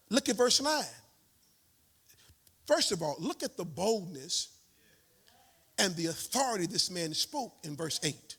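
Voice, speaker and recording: Casting: hoarse male preacher, high bright voice, call-and-response style. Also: sing-song, unhurried, pauses often. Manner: call-and-response preaching, sings and shouts phrases. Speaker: guest preacher. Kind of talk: energetic sermon. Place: church sanctuary.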